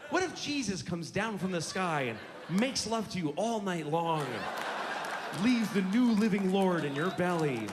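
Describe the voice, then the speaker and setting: A man's voice: high-pitched, big pitch swings, a little slow, a crowd in the background, noisy background. Profane man ranting on a comedy stage. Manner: profane, sarcastic, escalating into mock outrage. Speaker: stand-up comedian. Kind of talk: stand-up comedy rant. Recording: live club with audience laughter. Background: audience laughing.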